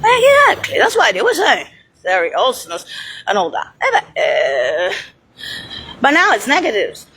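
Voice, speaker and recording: A woman's voice: fairly high pitch, huge pitch swings, a little slow, a bit bright, slightly rough. A woman in a heated, rambling monologue, swearing and dropping Italian phrases as she talks.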